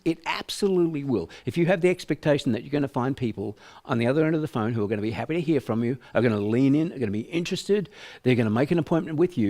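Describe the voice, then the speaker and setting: A man's voice: medium pitch, dark tone. Older Australian man, sales trainer, emphatic delivery, plays out examples. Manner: emphatic, acts out voices to illustrate. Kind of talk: business training presentation.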